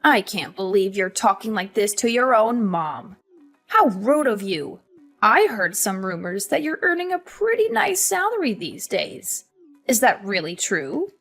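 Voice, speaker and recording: A woman voicing a cold, scornful middle-aged mother in an animated story, with a cutting, dismissive way of talking. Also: mid-range voice, unhurried, soft background music, heavily acted. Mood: wheedling.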